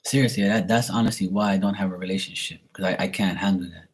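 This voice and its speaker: A man's voice: sits low, steady tone, fast. A man ranting bluntly to the camera in a profane comic monologue, swearing often and firing rhetorical questions at the viewer. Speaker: vlogger answering viewer questions.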